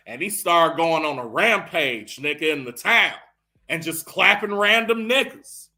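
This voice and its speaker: Man, high and bright-voiced; profane, animated comedic storyteller doing characters mid-recap. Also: a little slow.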